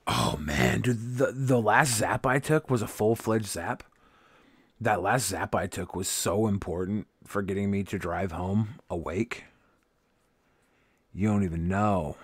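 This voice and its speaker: Tired, grumpy male streamer with a low voice. Lively and self-mocking, talks in a dry, close sound. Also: unhurried, breathy edge, no room sound. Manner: rambling, self-mocking, swearing. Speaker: live streamer. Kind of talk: casual livestream chat.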